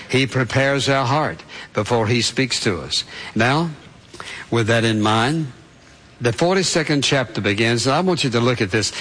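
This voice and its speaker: A man's voice: medium pitch, fairly bright tone, low-quality recording. A man preaching a sermon, retelling scripture in his own words and speaking to the congregation directly. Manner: asks listeners to picture it as parents and children.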